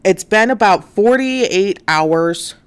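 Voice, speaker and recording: A woman's voice: medium pitch, lively intonation, slow pace, smooth. A woman hosting a livestream, retelling a crime story in casual chat, full of fillers and acted-out quotes. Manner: chatty, many fillers, acts out quotes. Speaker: stream host. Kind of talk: casual true-crime recap.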